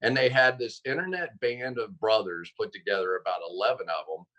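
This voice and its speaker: A football analyst appearing as a guest on a sports talk show tells stories casually, acting out quotes with sudden jumps in pitch. He speaks fairly quickly in a sharp tone, and the recording is rough.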